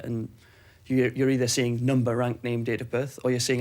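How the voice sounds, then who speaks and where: A man's voice: mid-range voice, completely flat delivery, a little fast, few pauses, darkish tone. A man, a former military airman, recounting events in a documentary interview in a matter-of-fact way.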